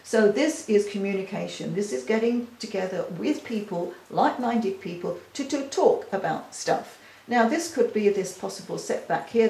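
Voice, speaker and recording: A woman's voice: on the high side, darkish tone, echoey room, rough recording. A woman doing a chatty, reassuring tarot reading, talking straight to the viewer from her dining room. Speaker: tarot card reader. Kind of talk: casual spoken card reading.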